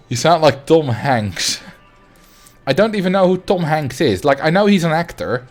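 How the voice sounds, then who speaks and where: A man's voice: fairly high pitch, sing-song, unhurried, soft background music. A young adult man streaming a game, chatting casually and rambling as he answers his viewers. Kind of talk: casual livestream chat while playing.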